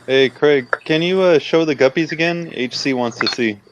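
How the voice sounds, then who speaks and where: A man's voice: a little high, moderate pace, background noise. A man hosting a casual live video call, politely asking a guest to show more. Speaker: host asking questions.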